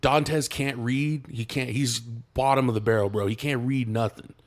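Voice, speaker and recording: A man's voice: mid-range voice, fairly even intonation, moderate pace. A man on a podcast retelling a movie plot in loose, slangy, profane chat, restarting often. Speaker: podcast co-host.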